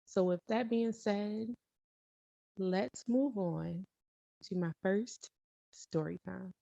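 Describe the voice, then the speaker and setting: Slow, gravelly, and mellow, this mid-range female voice belongs to a storytelling vlogger relating a personal story. She wanders casually, corrects herself, and throws in emphatic asides over a dull, dry lo-fi recording.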